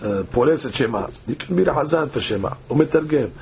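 A man's voice: medium pitch, lively intonation, a little fast, vocal fry, a little mellow, a little hiss or hum. A man teaching a daily Talmud class, reading the text aloud and translating it phrase by phrase with frequent hesitant fillers.

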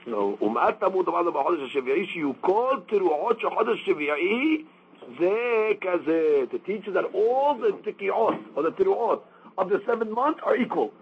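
A man's voice: sits high, animated, normal speed, vocal fry, husky, low-quality recording. A man teaching a daily Talmud class, explaining step by step and mixing Aramaic quotes with English.

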